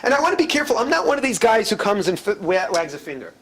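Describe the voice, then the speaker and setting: A man's voice: high voice, very animated, racing, fairly bright tone. A middle-aged man from New York giving a lecture as a historian, a wry storyteller who shifts his voice for quoted people. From United States, New York. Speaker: guest speaker, historian. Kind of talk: lecture with jokes and anecdotes.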